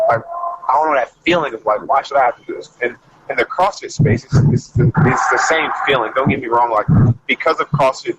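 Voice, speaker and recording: Coach guy on a podcast, tells stories all animated, says like constantly, middle voice, little bit of background noise. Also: mid-range voice, poor audio. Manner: animated storytelling, frequent "like". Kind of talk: casual chat.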